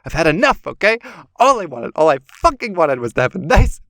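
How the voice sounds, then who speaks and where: A man's voice: a little high, sing-song, a little fast, fairly bright tone, dry recording, clean studio sound. A man reading out the lines of a fed-up, exasperated father who swears at his family. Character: fed-up middle-aged father, snapping.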